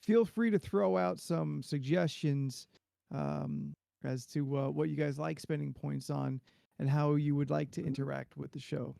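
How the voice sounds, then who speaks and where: Podcast co-host, male, gravelly, a bit high, rambling chat. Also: a little slow, dark tone, no room sound, clean studio sound. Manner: rambling, restarts often.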